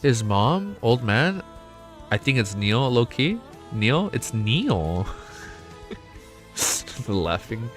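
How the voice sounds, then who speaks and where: A man hosting a casual livestream chat, excitable and swearing freely, his voice jumping between high and low. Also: takes it slowly, soft background music. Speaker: livestream host.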